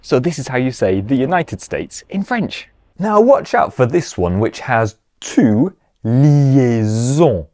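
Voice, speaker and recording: A man's voice: mid-range voice, very animated, takes it slowly, dark tone. A man teaching children French in a playful way, drilling words for them to repeat. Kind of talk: children's language lesson.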